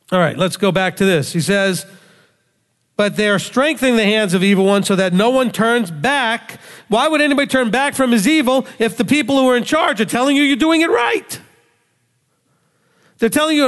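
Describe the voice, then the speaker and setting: A man preaching with a high-pitched voice, pressing his point with rhetorical questions and acting out the voices he quotes. His voice rings out with a long reverb behind it. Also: a bit bright. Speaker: rabbi. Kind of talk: sermon.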